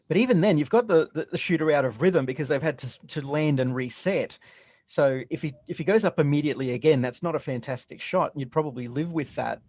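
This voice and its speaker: A man giving relaxed color commentary on a basketball game, explaining plays and often restarting his sentences. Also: on the high side, a little fast, no echo. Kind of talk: casual game analysis.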